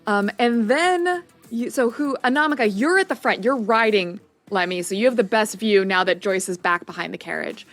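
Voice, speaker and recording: A woman narrating a tabletop game as game master, playful and halting, with many fillers. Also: medium pitch, fairly bright tone.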